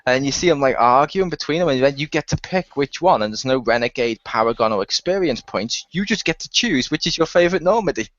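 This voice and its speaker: A man's voice: mid-range voice, fairly quick, hardly any pauses, no room sound. Rambling, laughing male podcast host. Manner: rambling, animated storytelling with frequent laughs. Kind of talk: casual chat. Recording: muffled lo-fi dry recording.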